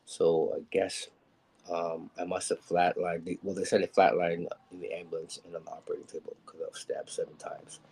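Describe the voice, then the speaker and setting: Low gravelly-voiced man telling his story. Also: level tone, fairly quick, darkish tone, rough recording. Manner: rambling and candid, many ums, acts out quoted people. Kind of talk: personal storytelling on a live show.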